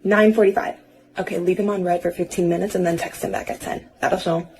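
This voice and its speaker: A woman's voice: on the low side, steady tone, fast talker, darkish tone, slight background noise. A woman performing a comedic skit where she argues with versions of herself about which guy to text back. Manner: playful, bickering with herself, mock-bossy. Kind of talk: comedy skit playing several selves.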